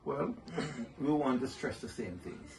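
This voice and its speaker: An older man sharing fatherhood stories in an interview, gentle and measured, chuckling often. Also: mid-range voice, animated, gravelly. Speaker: guest. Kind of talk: reflective interview storytelling. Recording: somewhat distant mic with faint noise.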